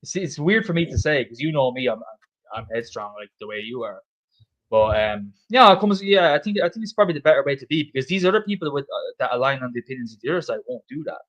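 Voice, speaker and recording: A man's voice: medium pitch, expressive, quick pace, fairly bright tone, poor audio. A young man chatting casually and emphatically, swearing often and repeating himself as he makes his point. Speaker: host. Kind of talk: casual pub chat.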